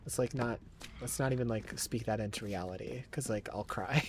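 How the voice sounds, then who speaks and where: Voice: medium pitch, expressive, normal speed, dark tone, a little hiss or hum. A live game streamer commenting on gameplay, swearing freely, complaining dramatically and laughing often.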